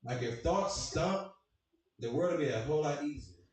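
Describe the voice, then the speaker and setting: A young male comedian talks loosely and profanely, riffing with the crowd. His voice is a bit high for a man and rings through a very echoey room, with the mic sitting far off. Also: lively intonation, moderate pace, a little mellow, slight background noise. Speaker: stand-up comedian. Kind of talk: stand-up comedy set.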